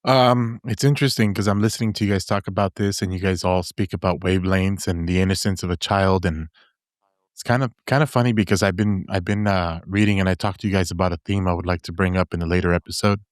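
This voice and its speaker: A man's voice: low-pitched, steady tone, fast, no echo, studio quality. A man on a podcast reflecting thoughtfully on what he has been reading. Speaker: podcast co-host. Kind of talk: casual podcast chat.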